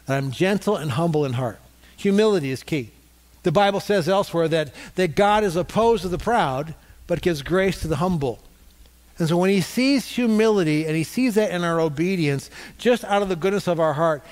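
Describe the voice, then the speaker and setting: A pastor delivering a sermon in a slightly higher-than-usual man's voice. He drives points home by repeating them and fills pauses with small hesitations. His words ring out with a long reverb from a church auditorium. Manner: repeats points for emphasis, pausing with fillers.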